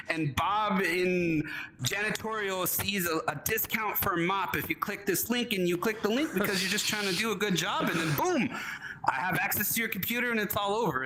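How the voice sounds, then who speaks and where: Animated man on a convention panel. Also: sits high, a little hiss or hum, low-quality recording. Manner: animated, mimics scammers in raised voices. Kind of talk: conference panel talk.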